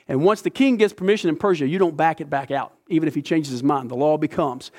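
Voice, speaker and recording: Animated man teaching Bible study. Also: fairly high pitch, quick pace, hardly any pauses. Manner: animated storytelling with casual slang.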